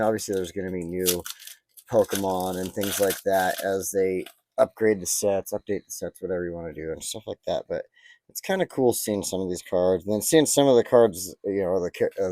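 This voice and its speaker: A man casually talking through opening trading card packs, chatty and easily excited, rambling into side stories. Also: deep voice. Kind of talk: casual unboxing commentary.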